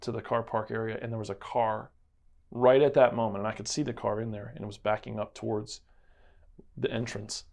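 A man's voice: lowish voice, level tone, fairly quick, vocal fry, a little mellow. A man co-hosting a casual Bible-study chat, telling a story earnestly. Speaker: co-host.

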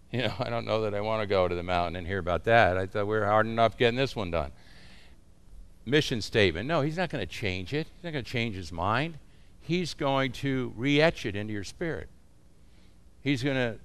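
A man's voice: mid-range voice, fairly bright tone, smooth. A man teaching other pastors in an informal, folksy way, often chuckling as he talks.

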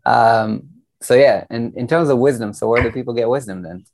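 A man's voice: mid-range voice, moderate pace, darkish tone. A man co-hosting a podcast, easygoing, chiming in with agreement and thoughtful questions. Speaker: podcast co-host. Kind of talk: casual podcast talk.

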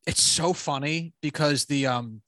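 A man talking casually about a film, animated and rambling, swearing offhand. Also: fairly high pitch, measured pace, no echo, clean studio sound. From New Jersey. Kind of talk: casual film review chat.

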